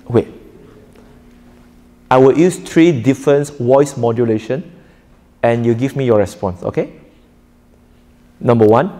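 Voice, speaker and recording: A man's voice: mid-range voice, unhurried, pauses often, warm tone. Man lecturing in a reverberant hall. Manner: jokey, quizzes the audience, laughs often. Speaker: preacher teaching a workshop. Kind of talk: interactive lecture. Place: hall with a live audience.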